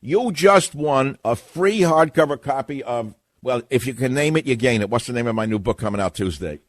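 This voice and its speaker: A man's voice: mid-range voice, lively intonation, moderate pace, no echo. Male talk radio host, sardonic rant, dry close studio mic. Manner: sardonic, ranting. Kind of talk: radio talk show monologue.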